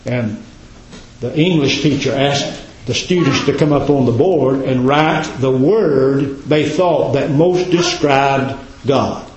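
A man preaching a sermon as a pastor, repeating his points and dropping to a low, hushed voice for emphasis. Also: takes it slowly, a little hiss or hum. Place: church. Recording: echoey, dull church recording.

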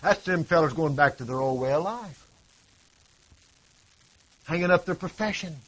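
Preacher man, high voice, fervent, swings from loud cries to near-whispers, dull lo-fi recording. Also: moderate pace. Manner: impassioned, swinging from loud cries to hushed tones; rhetorical questions and repetition. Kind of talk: sermon.

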